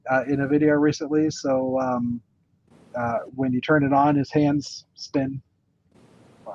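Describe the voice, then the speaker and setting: A man's voice: medium pitch, highs cut off. A man co-hosting a casual chat about toy bricks, talking with many fillers and restarts. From Canada. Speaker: podcast co-host.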